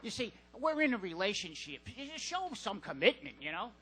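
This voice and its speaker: A man doing a stand-up set in a comedy club, deadpan and halting with fillers. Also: sits high, breathy edge, rough recording.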